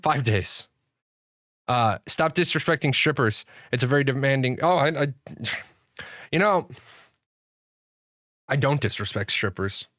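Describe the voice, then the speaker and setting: Male streamer, casual rambling, mid-pitched, dry close mic. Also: animated, a little slow, long pauses, a bit bright, no room sound. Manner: rambling, laughing at own jokes. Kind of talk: casual chat.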